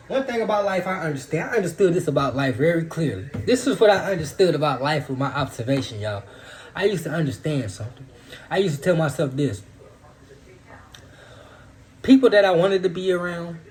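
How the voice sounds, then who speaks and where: A man's voice: a little high, a little mellow. A man giving a loose, profane, preachy spiritual monologue in casual talk. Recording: roomy echo.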